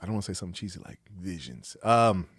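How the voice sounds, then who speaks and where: A man's voice: low-pitched, very animated, fast, husky, dry recording. A man appearing as a guest on a studio podcast, playful and laughing in casual chat.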